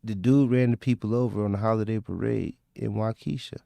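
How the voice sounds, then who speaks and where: A man in a casual, profane chat, arguing loudly and cursing freely. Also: fairly low pitch, fairly even intonation, fairly quick, creaky, dry recording. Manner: loud, profane, argumentative. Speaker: stream host.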